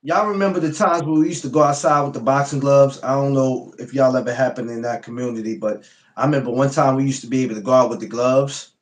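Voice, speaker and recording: A man's voice: medium pitch, steady tone, fast, slight background noise, poor audio. A man telling stories in a laid-back casual podcast chat. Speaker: podcast co-host.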